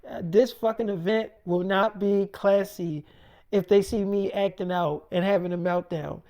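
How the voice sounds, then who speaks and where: A man's voice: sits high, steady tone, normal speed, darkish tone. A man voicing a jealous young woman who furiously confronts her boyfriend, blunt and profane. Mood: angry.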